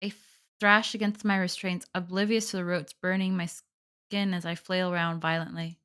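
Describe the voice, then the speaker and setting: A woman's voice: on the low side, flat delivery, moderate pace, a bit bright, clean tone. A woman playing a horror visual novel, reading the story aloud and reacting with lots of swearing and casual slang. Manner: reactive, swears a lot, says "bro". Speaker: gaming streamer. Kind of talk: let's play commentary and reading game text aloud.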